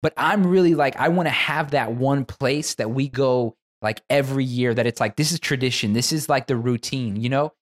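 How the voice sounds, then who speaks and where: A man's voice: medium pitch, moderate pace, few pauses. Easygoing young man in casual chat. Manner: easygoing, hesitant, repeats words.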